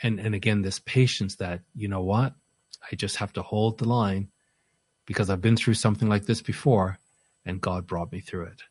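Male preacher, lower voice, husky, animated sermon delivery, dry recording. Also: normal speed, dry recording. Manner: animated, voices the apostle in first person with rising emphasis; repeats words when starting phrases. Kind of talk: expository sermon.

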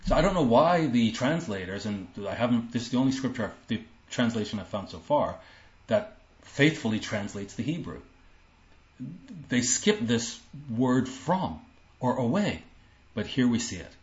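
A man's voice: mid-range voice, big pitch swings, moderate pace. A man giving a sermon, reading scripture aloud and explaining it in an earnest, emphatic way, often repeating himself. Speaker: Bible teacher. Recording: roomy, dull lo-fi recording.

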